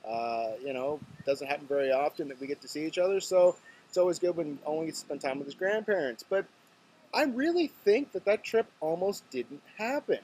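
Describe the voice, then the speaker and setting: A man's voice: on the high side, expressive, fairly quick, a little mellow, slight background noise. A man from Nova Scotia, hosting his vlog in a chatty, joking storytelling way. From Nova Scotia, Canada. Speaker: vlog host. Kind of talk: casual talk to camera.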